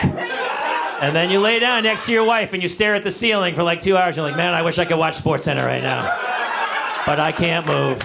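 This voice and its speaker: A middle-aged male comedian working a live crowd with a somewhat high voice. He tells stories with big exaggeration and shouts his punchlines. Audience laughter and clear room noise sit behind him on the stage mic. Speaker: stand-up comedian. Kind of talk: stand-up comedy set.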